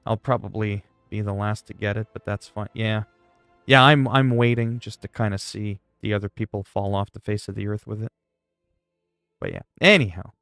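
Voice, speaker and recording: A man's voice: fairly low pitch, gravelly, dry recording, studio quality. A man, livestreaming and chatting casually while gaming, rambling and joking playfully. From Canada.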